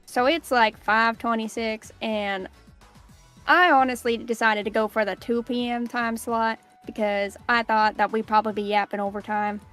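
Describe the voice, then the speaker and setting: A woman's voice: fairly high pitch, steady tone, moderate pace, fairly bright tone, soft background music. A woman chatting as a stream guest, playful and self-mocking, often breaking into laughter. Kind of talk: casual chat.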